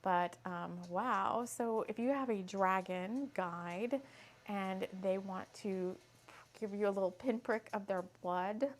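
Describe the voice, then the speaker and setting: A woman's voice: medium pitch, creaky, slight background noise. A woman hosting a casual spiritual craft session, chatty and giggling often as she repeats her ingredient list aloud. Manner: giggly, laughs often mid-sentence. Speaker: host.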